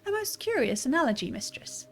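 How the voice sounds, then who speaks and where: A woman's voice: high voice, very animated, fairly quick, faint music behind, voice pushed up. A woman reading aloud the lines of a formal, dutiful male robot servant in a stiff, polite manner. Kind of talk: reading game dialogue aloud.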